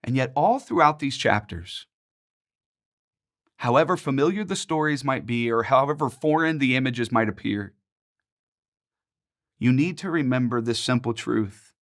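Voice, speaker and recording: A man in his forties leads a Bible study in an earnest, emphatic teaching voice. His pitch sits in an ordinary middle range, and he slows into measured, rhythmic pauses to press a point home. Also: lively intonation, a bit bright.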